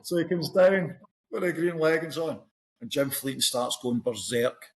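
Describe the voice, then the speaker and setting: A middle-aged Scottish man, a podcast guest, chatting casually and telling animated stories. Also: on the high side, moderate pace. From Scotland. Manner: storytelling, animated anecdotes. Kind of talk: casual chat.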